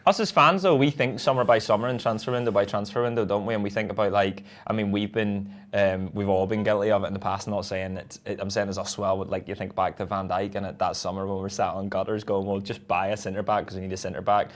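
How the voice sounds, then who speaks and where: Low-voiced man chatting football. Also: fairly even intonation, fast, few pauses. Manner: chatty, laughs easily, loose run-on sentences. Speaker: podcast co-host. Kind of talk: casual football chat.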